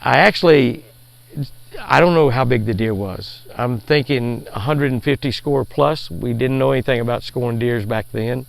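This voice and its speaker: An older man with a deeply gravelly, crackling voice spins a folksy hunting yarn in an easy middle pitch. He leans on repetition for emphasis and sinks to a near hush when the story turns tense. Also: moderate pace. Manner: repeats phrases for emphasis, hushes for suspense. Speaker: outdoor show host.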